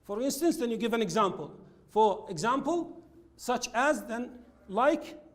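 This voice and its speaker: A man teaching an English lesson, explaining linking words slowly and repeating his examples. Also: very high-pitched, animated. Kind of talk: classroom lesson with slides.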